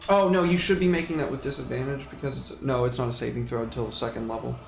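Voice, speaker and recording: A man's voice: medium pitch, steady tone, fast talker, vocal fry, echoey room. Exasperated man running a tabletop game. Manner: blunt, exasperated, swears. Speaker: dungeon master.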